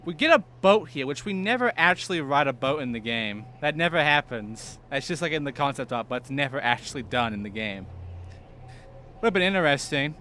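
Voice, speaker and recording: A man's voice: mid-range voice, animated, brisk, sharp tone, a little hiss or hum. A man hosting a let's play, commenting on gameplay in an offhand, profane way.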